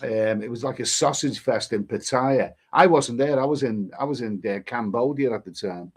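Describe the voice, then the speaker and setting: A man's voice: medium pitch, moderate pace, slightly rough. A man hosting a casual live stream, reading viewer comments aloud and chatting about them in a rambling way, repeating phrases and restarting his sentences. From England.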